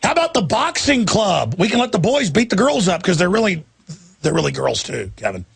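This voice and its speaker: A man's voice: high voice, sing-song, brisk, gravelly, slightly rough, no room sound. A man hosting a talk radio show, ranting sarcastically and laughing at his own jokes while he interviews a guest.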